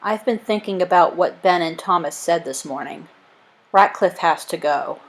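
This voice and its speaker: A woman's voice: fairly low pitch, moderate pace, poor audio. A woman reading a storybook aloud, voicing a fed-up male sailor who grumbles bluntly.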